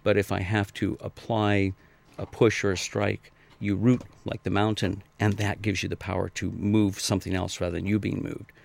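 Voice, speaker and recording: Middle-aged male trainer, gravelly low voice, loose and meandering in interview. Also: level tone, normal speed. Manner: rambling, acts out quoted people in high voices. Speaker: martial arts and fitness trainer. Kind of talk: casual interview answers.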